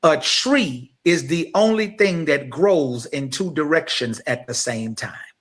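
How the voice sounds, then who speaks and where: A man's voice: a little high, lively intonation, measured pace, fairly bright tone. A man co-hosting a talk podcast, speaking emphatically in a sermon-like way and addressing the listeners directly. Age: adult. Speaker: podcast co-host. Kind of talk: impassioned podcast talk, preacher-like.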